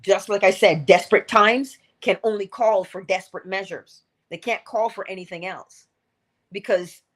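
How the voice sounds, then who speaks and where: Earnest woman coaching her listeners. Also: medium pitch. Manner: earnest, coaching, repeats key phrases. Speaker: inspirational speaker. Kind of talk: motivational livestream talk.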